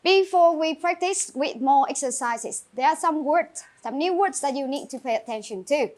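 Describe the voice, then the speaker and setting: A woman's voice: sits high, animated, moderate pace, a little mellow. A woman with a Vietnamese accent teaching an English grammar lesson in a classroom, calling on students and praising answers.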